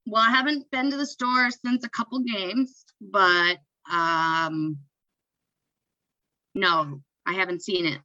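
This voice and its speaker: Bright-voiced, slow-talking woman podcaster. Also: mid-range voice, fairly even intonation, no echo, lo-fi sound. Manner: playful, jokey, laughs at own quips. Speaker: podcast co-host. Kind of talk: casual sports podcast chat.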